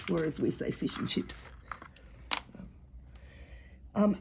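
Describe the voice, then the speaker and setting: A woman's voice: on the low side, dark tone, a little hiss or hum. A middle-aged Australian woman chatting casually to camera in a blunt, sarcastic, mocking way while she makes jewellery. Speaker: jewellery maker and vlogger.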